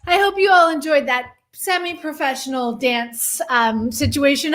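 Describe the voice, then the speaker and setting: A woman's voice: sits high, animated, moderate pace, hardly any pauses, a bit bright. Breathless bubbly woman hosting a live stream. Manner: exuberant, greets viewers by name, self-mocking jokes.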